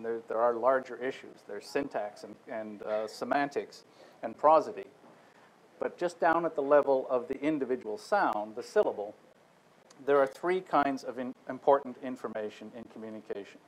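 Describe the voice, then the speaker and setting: A man's voice: medium pitch, rough recording. A man lecturing on a technical subject, explaining step by step and demonstrating vowel sounds with his own voice. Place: lecture room.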